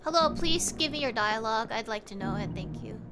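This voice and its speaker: A woman's voice: fairly high pitch, animated, fairly quick, music in the background. A woman streaming a game, chatting casually and thinking aloud to her chat.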